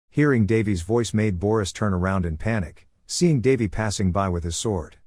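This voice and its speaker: A man with a somewhat low voice reads a fantasy comic recap as scripted narration. His delivery stays flat and even throughout. The recording is dry and close, with no room sound. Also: moderate pace, hardly any pauses, dry recording.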